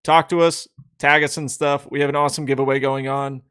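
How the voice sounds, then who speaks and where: A man's voice: mid-range voice, flat delivery, brisk, a bit bright, clean tone, no echo, studio quality. A man co-hosting a podcast, talking in an upbeat, promotional way. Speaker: podcast co-host. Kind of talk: casual chat.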